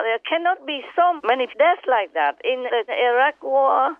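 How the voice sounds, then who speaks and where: A woman's voice: high-pitched, expressive, unhurried, no echo. A woman spiritual teacher on a phone call with her disciples, speaking in an impassioned, emphatic way and repeating her points. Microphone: telephone. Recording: tinny phone line.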